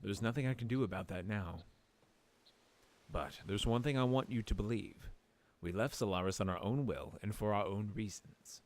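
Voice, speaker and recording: A man voicing a serious older male guardian who speaks in a low, measured, solemn way. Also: a little hiss or hum, natural voice. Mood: grave. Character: steady older male swordsman guardian, grave.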